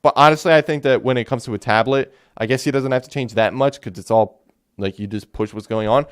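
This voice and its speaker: A man's voice: mid-range voice, brisk, clean tone. A man hosting a solo podcast, talking casually and animatedly about video games, rambling with lots of fillers and restarts. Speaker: podcast host. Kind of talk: casual solo game talk.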